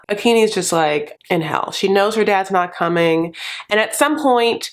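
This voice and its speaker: A woman's voice: mid-range voice, unhurried. A woman giving a sassy, casual comedic recap of a reality show, swearing freely and slipping into quoted voices.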